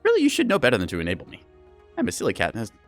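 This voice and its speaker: A man's voice: medium pitch, wildly swooping pitch, very fast, soft background music. A man streaming a game live, chatting casually and playfully with his chat in a rambling, self-mocking way. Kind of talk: casual live gameplay commentary.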